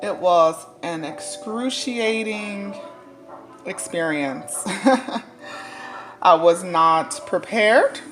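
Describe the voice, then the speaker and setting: A woman telling a personal story while she cooks, casual, animated and often laughing. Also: fairly low pitch, extremely slow, long pauses. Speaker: dietitian sharing a personal story. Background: cooking clatter, faint music.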